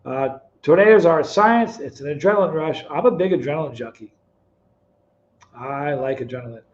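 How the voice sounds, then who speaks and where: A middle-aged man with a fairly high voice hosts a casual live stream. He chats and teases his viewers by name. The sound is dull and a little lo-fi. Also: lively intonation, moderate pace. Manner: chatty, teasing viewers by name, storytelling. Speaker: live stream host reading chat. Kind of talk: casual chat.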